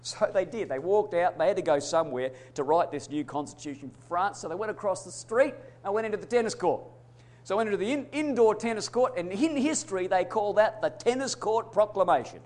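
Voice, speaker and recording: A man preaching a sermon, emphatic, swinging between loud declarations and hushed asides. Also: high-pitched, lively intonation, fairly quick. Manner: addresses congregation as brothers and sisters.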